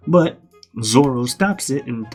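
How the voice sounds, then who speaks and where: Animated, profane male storyteller. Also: medium pitch, slow pace, husky, faint music behind. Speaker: series host. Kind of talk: casual comedic story recap.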